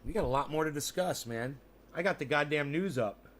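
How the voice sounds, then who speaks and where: A man's voice: fairly high pitch, fairly quick, fairly bright tone. A man rambling casually to his viewers from home, loose and profane, talking straight at the audience. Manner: loose, profane, chatty, addresses viewers directly. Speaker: vlogger. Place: home in the mountains.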